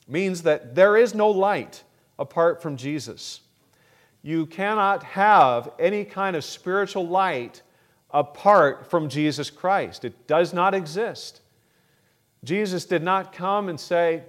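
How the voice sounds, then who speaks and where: A male pastor delivering a sermon at an unhurried, measured pace. His voice swells in pitch and loudness when he stresses scripture and key words, then falls back to a calmer teaching tone. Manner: emphatic preaching with swells in pitch and volume on key phrases; deliberate, measured delivery with fillers.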